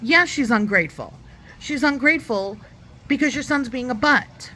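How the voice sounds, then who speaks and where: A woman's voice: high-pitched, moderate pace, sharp tone. A woman giving a chatty, opinionated review of a reality show in her own vlog, sometimes acting out lines in other voices. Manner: chatty and opinionated, acts out quotes. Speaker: YouTube reviewer.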